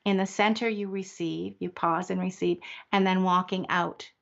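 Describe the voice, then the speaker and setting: An older woman talks slowly and reflectively, often starting a thought over before she finishes it. Her voice has a gravelly fry to it. The sound is dull and lo-fi, like audio from a video call. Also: fairly low pitch, level tone. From Canada. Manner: reflective, halting, often restarts and laughs softly. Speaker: guest. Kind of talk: heartfelt conversational interview.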